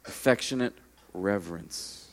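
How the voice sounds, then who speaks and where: A man preaching a sermon, earnest and emphatic, rising to strong peaks and then dropping low. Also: a little slow. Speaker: pastor.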